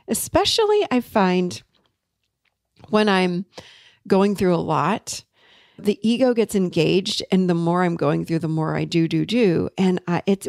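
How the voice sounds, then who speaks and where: A woman host telling a personal story in an earnest, confessional way, dropping softer when she recounts tender moments. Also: on the low side, gravelly, no room sound, studio quality. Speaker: podcast host and coach.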